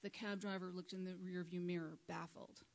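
A woman giving a prepared public talk to a live audience, speaking in a measured, earnest way into a microphone. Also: fairly low pitch, flat delivery, creaky, rough recording. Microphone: microphone at a lectern.

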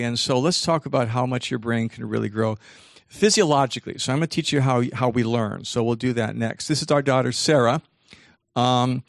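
A man in his sixties giving an animated motivational talk to a live audience, teasing the crowd and acting out voices. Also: mid-range voice, gravelly, dry recording, clean studio sound.

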